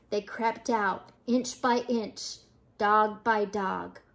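A woman's voice: a little high, takes it slowly. An older woman, a grandmother, reading a children's picture book aloud with playful voices for the animals.

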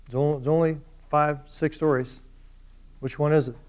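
A man's voice: a little high, moderate pace, smooth. A middle-aged man giving a classroom lecture, telling stories with energy and acting out the quoted lines. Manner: animated storyteller, acts out quoted speech. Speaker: professor.

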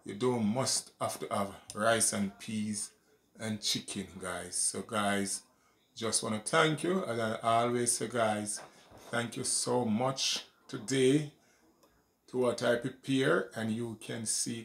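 A man's voice: fairly low pitch, slow, vocal fry, a bit bright, reverberant. A man showing his home-cooked dinner, talking casually to viewers and saying "guys" at nearly every turn. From Jamaica. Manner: repeats "guys" constantly, simple homely commentary. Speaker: home cooking vlogger. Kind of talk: casual cooking demonstration. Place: home kitchen.

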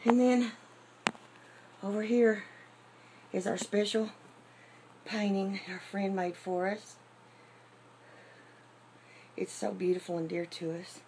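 A woman gently and fondly showing her small home nursery in a casual vlog. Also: medium pitch, fairly even intonation, slight background noise. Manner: gentle, fond, unhurried showing. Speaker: doll collector giving a home tour.

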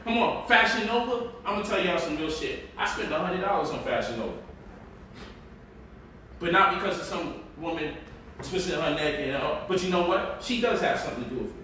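A man's voice: a little high, animated, a little fast, sharp tone, a little hiss or hum. A man hosting a casual livestream, teaching stock investing in a loose, joking, slangy way from his home. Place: home, indoors. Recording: echoey room, mic at a distance.

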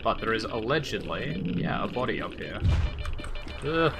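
A man's voice: medium pitch, expressive, normal speed, over loud music. A man with an Australian accent giving casual, rambling, lightly profane commentary while playing a video game. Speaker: let's play gamer.

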